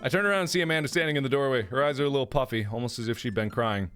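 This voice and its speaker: A man's voice: mid-range voice, rapid-fire, fairly bright tone, clean tone, soft background music. A man in his twenties hosting a let's play, reading game text aloud in a goofy, playful way and breaking into silly voices. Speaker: gaming video host.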